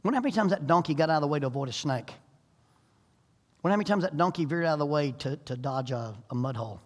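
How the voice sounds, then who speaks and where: A man's voice: fairly high pitch, fast. A middle-aged man preaching a sermon in a folksy, humorous storytelling manner. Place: church sanctuary. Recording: echoey church hall.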